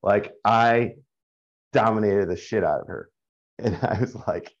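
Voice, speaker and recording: A man's voice: fairly low pitch, unhurried. A middle-aged man telling a candid personal story in a rambling, casual way, full of fillers and swearing. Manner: rambling, frequent fillers and profanity. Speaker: caller sharing a personal story. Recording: dull lo-fi sound.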